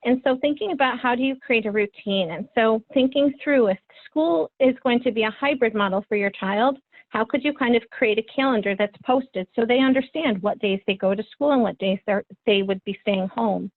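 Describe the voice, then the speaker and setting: A woman's voice: on the high side, normal speed, no echo. A woman in her thirties, a trainer presenting a webinar for parents, speaking in an earnest, encouraging way with frequent ums. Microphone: video call. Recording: phone-like webinar audio, dry.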